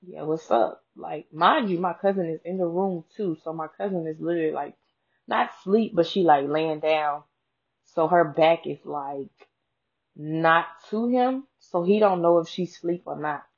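A woman's voice: deep voice, normal speed. A woman host telling a personal story in a casual, frank way, swearing freely and speaking straight to her listeners. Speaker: podcast host. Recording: dull lo-fi sound.

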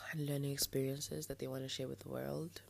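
Her voice extremely low and gravelly, the young podcast host speaks flatly at normal speed. It's a late-night personal monologue, candid and somewhat frustrated, a rant softened by quiet laughter, delivered through one blocked nostril.

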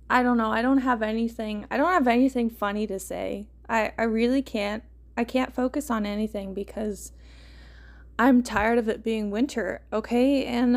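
A young woman hosting a comedic reading of fan fiction, rambling and wry, often stopping to comment. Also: a little high. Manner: rambling, self-interrupting, wry. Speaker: host.

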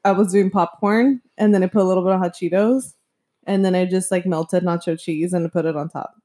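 A woman's voice: lowish voice, fairly even intonation, a little fast, dark tone. A woman co-hosting a podcast, chatting casually and filling her sentences with "like". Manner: chatty, lots of "like" fillers. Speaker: podcast co-host. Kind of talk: casual chat.

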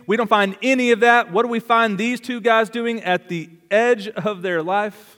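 A male pastor delivering a dramatic sermon, full of rhetorical questions, swinging between loud urgency and hushed intensity. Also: high voice, steady tone, normal speed, few pauses, big-room sound.

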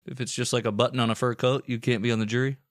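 A man's voice: mid-range voice, very fast, no echo, clean studio sound. A man co-hosting a podcast, reacting and cracking jokes in casual chat. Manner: wisecracking, lively jokes. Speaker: podcast co-host.

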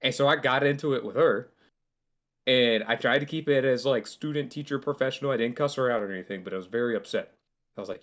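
A man's voice: medium pitch, fast, a bit bright. A young man hosting a podcast, telling a long, rambling story with casual swearing and acted-out quotes. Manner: rambling storytelling with profanity and laughter; acts out quoted voices. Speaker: podcast host. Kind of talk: casual chat.

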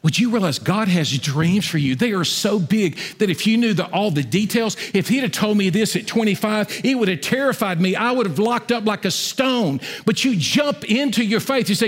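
A middle-aged pastor preaches with a fairly high voice, rising to loud appeals and dropping to hushed asides. His words ring out with a long reverb, as in a large church hall. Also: lively intonation, normal speed, hardly any pauses, husky. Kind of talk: sermon.

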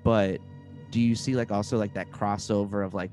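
A man's voice: on the low side, level tone, normal speed, a little mellow, soft background music. A man hosting a podcast, asking eager, chatty questions in a casual interview. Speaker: podcast host.

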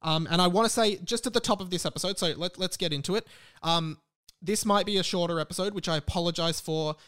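A young man in his twenties talks through a solo podcast, wandering from thought to thought and poking fun at himself. His voice sits a little high for a man and comes across smooth and clear on a close mic. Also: fast, fairly bright tone. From Australia. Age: 20s. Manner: rambling, self-deprecating, chatty. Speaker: podcast host.

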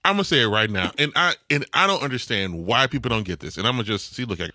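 A middle-aged man in a casual chat, telling an animated story and swearing freely. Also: medium pitch, fast talker, no echo, studio quality.

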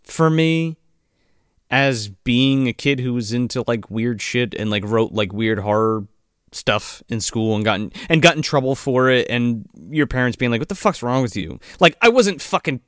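A man's voice: mid-range voice, animated, moderate pace, smooth, no echo, studio quality. A man co-hosting a casual podcast, rambling through a movie recap, swearing often and acting out the characters' lines. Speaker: podcast co-host.

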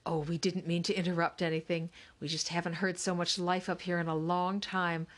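Gentle, polite eighty-year-old lady, read by a woman in a storybook. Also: fairly low pitch, little pitch movement, fairly quick, natural voice. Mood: gracious. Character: elderly refined woman, gracious neighbor.

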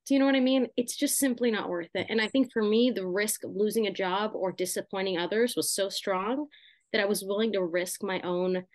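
A woman's voice: mid-range voice, steady tone, brisk, a little mellow, dry recording. A young woman co-hosting a podcast, talking casually with lots of fillers and asides. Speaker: podcast co-host. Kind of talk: casual chat.

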